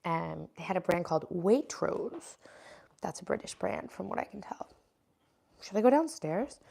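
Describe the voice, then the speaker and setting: A woman's voice: lowish voice, expressive, moderate pace, vocal fry, mellow, husky. A woman hosting a casual livestream, chatting and answering viewer comments as they come in. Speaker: livestream host.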